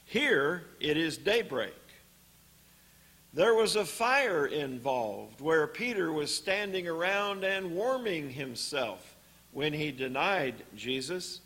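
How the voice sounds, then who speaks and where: A man preaching a sermon in a church, teaching on scripture in a deliberate way with pauses and "uh" fillers. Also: a little high, big pitch swings, sharp tone, husky.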